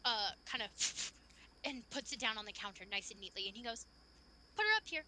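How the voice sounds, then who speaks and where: A woman's voice: medium pitch, a little fast, background noise. A woman narrating a tabletop game as game master, chatty and loose, full of fillers.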